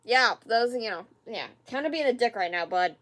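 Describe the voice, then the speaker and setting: Hosting a reaction video, a woman rambles casually with plenty of fillers and repeats, sighing in exasperation at the show. Her fairly high voice is expressive and a bit bright, moving at a normal speed.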